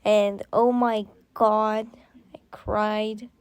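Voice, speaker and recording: A woman's voice: medium pitch, little pitch movement, extremely slow, darkish tone, smooth, no room sound. A young woman vlogger giving rambling, sarcastic commentary, full of fillers and restarts. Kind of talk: casual commentary.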